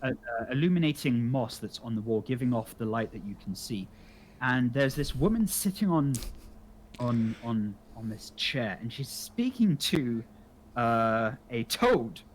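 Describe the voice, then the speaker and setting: A man narrating a tabletop game as game master, halting with many ums and restarts. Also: medium pitch, sing-song, slight background noise, poor audio.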